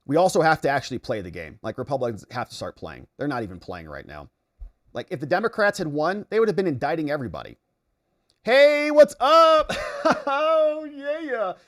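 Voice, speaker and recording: A man from the United States hosting a political commentary livestream, reading viewer chat aloud and reacting. He swings between excited outbursts and low mutters. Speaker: livestream host.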